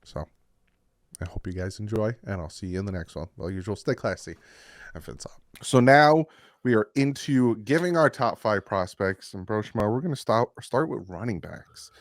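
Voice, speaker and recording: A man's voice: fairly low pitch, animated, moderate pace, no room sound. A young man with a New Jersey accent and a congested, sick voice, rambling casually as a sports talk host. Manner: rambling, self-interrupting.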